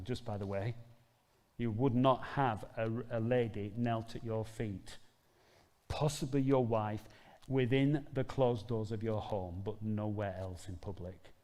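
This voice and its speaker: A man's voice: mid-range voice, a little mellow, big-room sound. A man preaching a sermon in an earnest, conversational storytelling manner. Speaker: pastor.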